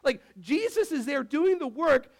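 A man preaching a casual, animated sermon, peppering his speech with "like". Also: very high voice, unhurried. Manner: animated, filler-heavy with frequent "like"; talks to the tech crew mid-sermon. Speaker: pastor.

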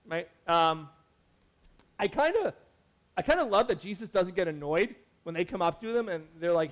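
A man's voice: high-pitched, animated, normal speed, a bit bright. A man preaching a sermon in a casual, conversational way, correcting himself often and acting out the people he quotes. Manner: conversational, lots of "like" and self-corrections, acts out quotes. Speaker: pastor.

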